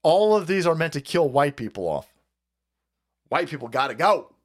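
A man's voice: fairly high pitch, very animated, moderate pace. A man hosting a livestream, ranting about politics with constant swearing, repeated phrases and bursts of laughter. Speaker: livestream host. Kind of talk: profane political rant.

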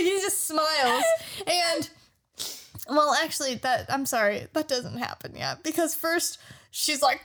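A woman in her late twenties co-hosting a podcast, retelling an anime plot and acting out the characters in quick, animated bursts. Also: high voice, a little hiss or hum. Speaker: podcast co-host.

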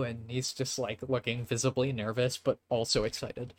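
A man's voice: medium pitch, level tone, moderate pace, dry recording. A man narrating a tabletop game as game master, casual and swearing freely. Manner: casual, swears often, laughs between lines.

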